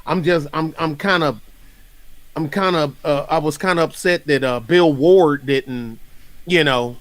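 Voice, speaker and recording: A man in his fifties from North Carolina hosts a loose, casual chat, telling long rambling stories. His voice sits a bit high. The sound is dry and close. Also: unhurried, dry recording. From North Carolina, USA. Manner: rambling, animated storyteller who laughs often. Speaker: podcast host.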